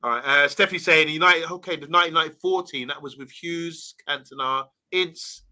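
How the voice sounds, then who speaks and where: Casting: male co-host, very bright sound, chatty and friendly with viewers, casual football banter. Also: on the high side, fairly quick. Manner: chatty, greets viewers by name. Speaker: livestream co-host reading comments.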